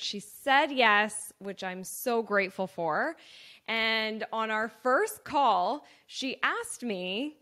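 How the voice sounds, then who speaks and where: A woman's voice: on the high side, animated, takes it slowly, sharp tone. Chatty earnest woman podcast host. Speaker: podcast host and business owner. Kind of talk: casual solo podcast talk.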